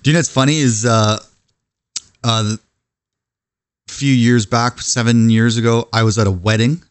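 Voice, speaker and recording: A man with a mid-pitched voice in a loose podcast chat during a fantasy football draft. He talks bluntly, swears freely and holds to his point when he argues. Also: steady tone, measured pace, smooth. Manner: blunt, profane, insistent. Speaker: podcast co-host.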